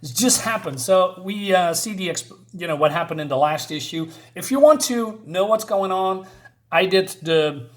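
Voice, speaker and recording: A man's voice: high-pitched, lively intonation, moderate pace. A man casually reviewing an old comic book, rambling with many fillers.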